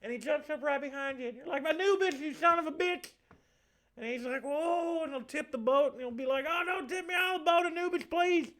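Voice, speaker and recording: A man's voice: extremely high pitch, a little fast, a bit bright, pitched above the performer's own voice. A man voicing an effeminate southern man's ghost with a lisp and a Southern US accent, rambling crudely through a story.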